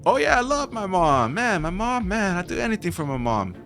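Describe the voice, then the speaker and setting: A man imitating a defiant young woman passenger, speaking high and indignant in street slang. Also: very animated, brisk, a bit bright, faint music behind, full character voice. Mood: affectionate. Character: brash young woman Uber rider, defiant.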